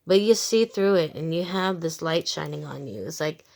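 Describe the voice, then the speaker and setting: Woman, low gravelly voice, casual tarot reading, blunt, swears, repeats herself. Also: normal speed, darkish tone. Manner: frank and emphatic, swears freely, addresses the viewer as you; speaks in short bursts, repeats phrases. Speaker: tarot reader.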